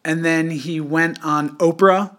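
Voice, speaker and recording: A man's voice: fairly high pitch, steady tone, takes it slowly, fairly bright tone. A young man hosting a podcast in casual chat, rambling and profane, full of fillers and restarts. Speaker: podcast host.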